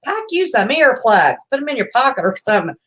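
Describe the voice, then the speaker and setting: A woman's voice: a little high, very animated, quick pace, a bit bright, low-quality recording. A woman co-hosting a casual show, folksy and chatty, speaking straight to listeners. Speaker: co-host. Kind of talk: casual talk-show chat.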